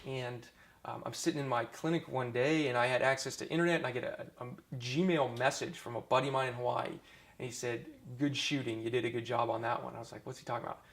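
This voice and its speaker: Gravelly-voiced man telling war stories. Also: medium pitch, a bit bright. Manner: casual storytelling, many restarts and fillers. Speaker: former army dentist. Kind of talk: oral history interview.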